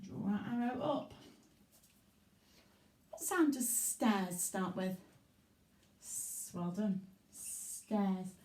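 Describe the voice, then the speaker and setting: A woman teaching young children a recorded literacy lesson in a slow, encouraging way. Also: mid-range voice, lively intonation, a little mellow, a little hiss or hum. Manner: slow, encouraging and sing-song. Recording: echoey room, voice from far off.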